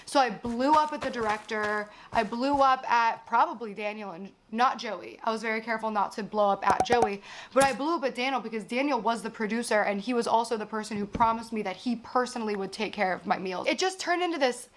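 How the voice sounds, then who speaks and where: A young woman recounting a frustrating job in casual, animated storytelling, exasperated and swearing often. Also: fairly high pitch, brisk, background noise. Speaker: actress recounting a production.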